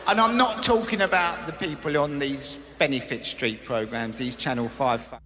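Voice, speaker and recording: A man's voice: medium pitch, moderate pace, very noisy. A male stand-up comedian with a British accent telling stories in a wry style during a routine. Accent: British English. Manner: wry storytelling. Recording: live stand-up in a large hall.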